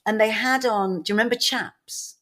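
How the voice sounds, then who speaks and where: A woman's voice: on the high side, normal speed, sharp tone. A woman co-hosting a podcast, telling rambling anecdotes with laughs and many "you know"s. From England. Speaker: podcast co-host. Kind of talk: casual storytelling chat.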